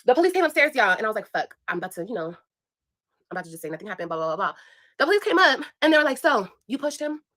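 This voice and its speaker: A woman's voice: mid-range voice, sing-song, racing, fairly bright tone. A young woman vlogger telling a personal story in a casual, blunt and profane way, speaking straight to her viewers. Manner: blunt, profane, emphatic, addresses viewers directly.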